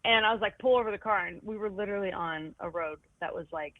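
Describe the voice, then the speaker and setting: A woman's voice: medium pitch, fast, dry recording. A woman talking frankly and with self-mocking humour as a guest, often restarting her sentences. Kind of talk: candid conversation about anxiety. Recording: tinny phone-like line, dry.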